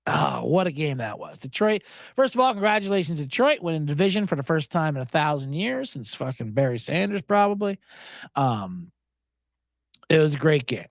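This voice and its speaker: Sing-song and a little high, this creaky-voiced sports betting host talks at a moderate pace in a casual solo chat. He's rambling, profane, and sarcastic on the side, captured in clean studio sound without room sound.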